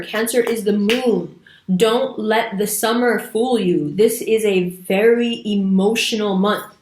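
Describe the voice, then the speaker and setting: Woman chatting about astrology, emphatic and chatty, room echo. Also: mid-range voice. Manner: chatty, emphatic, with sudden playful voices. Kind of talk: casual astrology talk to camera. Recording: echoey room.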